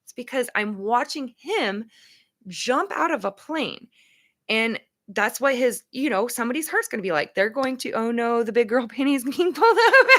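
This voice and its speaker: Hosting a laid-back talk show, a woman speaks in a slightly high, creaky voice with a fairly bright tone. She's emphatic and conversational as she shares her feelings about empathy and boundaries.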